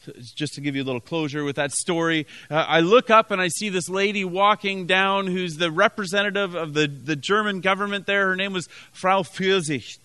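A man's voice: sits high, a little fast, bright, forceful tone, clear, resonant tone, no room sound. A man from Canada preaching a sermon as pastor, telling a story with many restarts and emphatic repetition.

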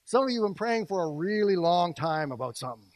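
A man preaching an earnest sermon, swinging between quiet, intimate passages and louder emphasis. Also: high voice, animated, fast talker, no echo, poor audio. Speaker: pastor.

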